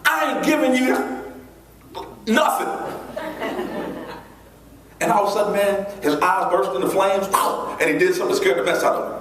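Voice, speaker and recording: A man telling a story from his childhood as a motivational speaker, acting out scenes with voices and high squeals. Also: steady tone, racing, few pauses, a crowd in the background. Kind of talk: storytelling keynote speech. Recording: echoey hall recorded from far off.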